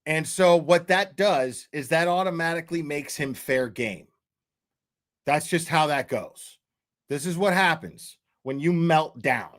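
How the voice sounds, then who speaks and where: A man's voice: a little high, animated, unhurried, a bit bright. A man hosting a reaction commentary, mocking and profane as he talks over clips. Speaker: commentary host.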